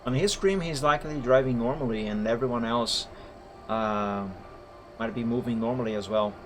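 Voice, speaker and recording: A man's voice: medium pitch, moderate pace, a bit bright. Man explaining gameplay footage step by step. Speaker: streamer and game server moderator. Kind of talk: live-stream commentary reviewing gameplay footage. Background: faint background music.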